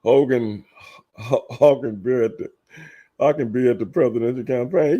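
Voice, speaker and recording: Speaking at a moderate pace with a medium-pitched, dark-toned voice, this livestream host and ex-wrestler addresses chat viewers by name. He's casual, profane, blunt, and quick to laugh.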